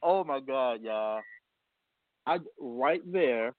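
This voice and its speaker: A man's voice: mid-range voice, lively intonation, very slow, no echo. Heartfelt man on a tinny phone line. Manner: heartfelt storytelling, laughs often. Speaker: guest, a father. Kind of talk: casual radio interview.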